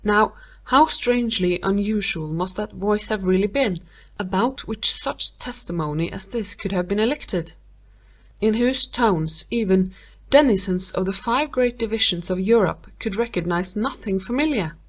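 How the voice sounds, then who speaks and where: A woman voicing a cool analytical male detective who lays out his reasoning in a measured way. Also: medium pitch, lightly acted.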